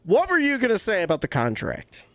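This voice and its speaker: A woman co-hosting a podcast, recapping events in an unhurried, casual way with some swearing. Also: mid-range voice, huge pitch swings, no room sound. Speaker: podcast co-host.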